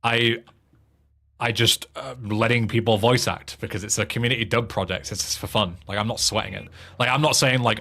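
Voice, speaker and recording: A man's voice: mid-range voice, fairly quick, fairly bright tone, slight background noise. An English man streaming a game, chatting casually in a rambling way with frequent swearing and restarts. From England. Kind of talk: casual chat while playing a game.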